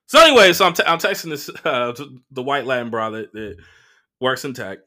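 A man's voice: mid-range voice, sing-song, brisk, bright, forceful tone. A man in his early thirties with a Los Angeles accent, hosting a casual solo podcast and telling a rambling, profane story full of fillers. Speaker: podcast host.

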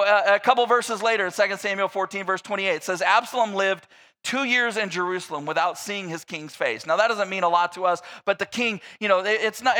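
Bright, lively male preacher. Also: sits high. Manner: animated, acts out scripture characters in a mocking voice. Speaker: pastor. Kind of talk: sermon.

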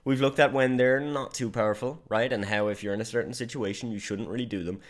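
A man talking as a business coach in an online course lecture, direct and conversational, with deliberately varied emphasis. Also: mid-range voice, steady tone.

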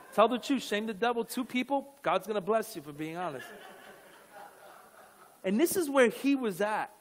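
A male pastor preaching a sermon with fervent, emphatic delivery and asides to the congregation. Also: high-pitched.

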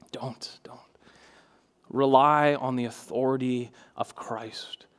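Young male pastor, high voice, earnest preaching with fervent peaks. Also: fairly bright tone. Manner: earnest, rising to fervent emphasis. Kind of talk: sermon.

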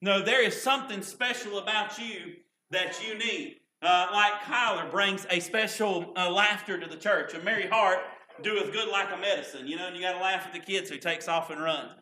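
A man's voice: high voice, normal speed, few pauses, pushed and bright, slight background noise. A man preaching a folksy sermon as pastor, often asking "can I tell you what". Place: church sanctuary. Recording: echoey church room.

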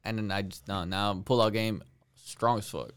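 A man's voice: on the low side, steady tone, normal speed, smooth. A man in his twenties in casual, crude podcast banter, laughing often and saying bro and dude. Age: 20s.

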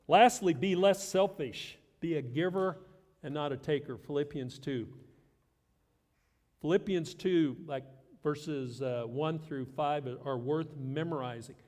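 A man's voice: a little high, unhurried, darkish tone, in a large hall. A middle-aged man preaching a sermon as pastor, conversational and self-deprecating with light humor.

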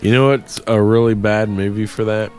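A laid-back man in casual conversation, mostly answering with brief words of agreement. His voice sits very low. Soft music runs in the background. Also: fairly even intonation, normal speed. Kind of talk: casual chat.

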